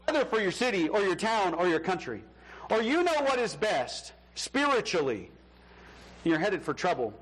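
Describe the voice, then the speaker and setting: A man's voice: sits high, very animated, moderate pace, fairly bright tone, breathy edge, poor audio. A man preaching a sermon as pastor in a conversational style, acting out the voices he quotes.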